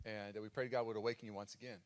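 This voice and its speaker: A man's voice: fairly low pitch, very fast. An American man in his thirties, a pastor giving a sermon live in a church, telling stories and acting out his own cries. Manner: animated storytelling with dramatic acted-out cries. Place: church auditorium. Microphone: live stage microphone.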